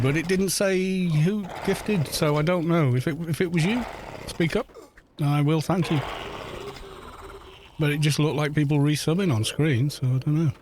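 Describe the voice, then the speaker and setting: A man's voice: on the high side, normal speed, background noise. A man streaming a game, chatting casually and ranting in mocking disbelief, rambling with frequent restarts. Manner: incredulous, mocking rant. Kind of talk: casual livestream chat while gaming.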